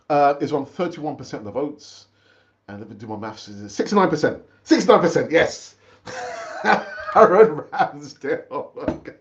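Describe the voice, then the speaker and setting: A man's voice: mid-range voice, lo-fi sound. Chatty man hosting a live fan stream. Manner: chatty, repeats himself, calls viewers brother. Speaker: football fan channel host. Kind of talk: casual live stream chat.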